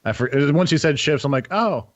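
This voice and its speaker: A man's voice: mid-range voice, fast, dry recording. A young man narrating a tabletop game as game master, rambling casually with lots of fillers and restarts. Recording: dull dry lo-fi audio.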